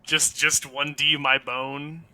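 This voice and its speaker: A man playing a tabletop game, chatting in a relaxed, joking way. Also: a little high, slow pace, smooth. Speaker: player. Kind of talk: casual game chat.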